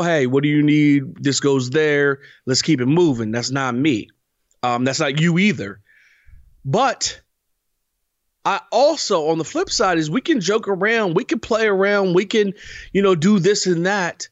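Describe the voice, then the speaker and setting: A man co-hosting a podcast in casual chat, animated and emphatic, often repeating himself. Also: high-pitched, dry recording, muffled recording. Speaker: podcast co-host.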